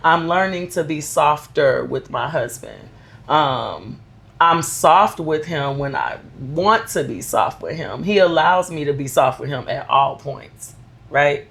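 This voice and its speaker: A woman's voice: low voice, expressive, slow, vocal fry, fairly bright tone. A woman co-hosting a podcast, talking candidly and emphatically about motherhood in casual chat. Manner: emphatic, candid, personal storytelling. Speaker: podcast co-host.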